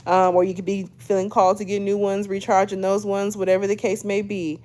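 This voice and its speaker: A woman's voice: medium pitch, level tone, fairly quick, darkish tone. A woman doing a casual tarot reading to camera, chatty, often tagging lines with "okay?" and addressing viewers as "y'all". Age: 20s. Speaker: tarot reader.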